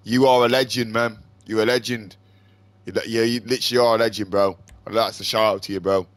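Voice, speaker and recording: A man commenting on his own game, flipping between shouted swearing and low muttering to calm himself. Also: fairly quick, dry recording. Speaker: gaming streamer. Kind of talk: casual gameplay commentary.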